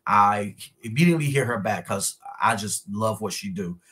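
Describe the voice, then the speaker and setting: A man, chatting as a guest in an interview, relaxed and pausing with fillers. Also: lowish voice, slightly rough. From North Carolina, USA. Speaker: guest musician. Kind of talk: casual interview chat.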